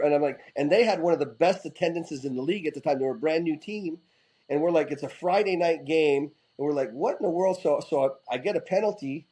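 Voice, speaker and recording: Middle-aged male guest, slightly high voice, lively raconteur, casual, restarts often. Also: husky, low-quality recording. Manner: animated, repeats and restarts, swears casually. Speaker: podcast guest, former hockey player. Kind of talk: casual storytelling interview.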